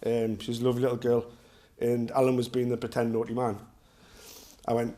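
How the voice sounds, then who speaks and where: A middle-aged Geordie man from North East England, a self-defence instructor, tells his class rambling, jokey stories in casual talk full of anecdotes. His medium-pitched voice is warm, fairly quick, and completely flat in delivery.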